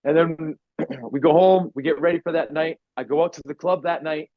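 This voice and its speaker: A man telling a personal story on a podcast, animated and swearing often, acting out what people said. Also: fairly high pitch, moderate pace, no room sound. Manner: animated, swears a lot, acts out quotes loudly. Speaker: podcast guest. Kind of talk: casual storytelling. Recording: dry, dull lo-fi podcast audio.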